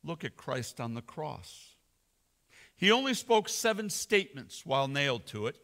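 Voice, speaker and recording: A male pastor preaching a sermon, slow and dramatic, swelling loud then dropping almost to a whisper. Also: medium pitch, sing-song, vocal fry. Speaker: senior pastor.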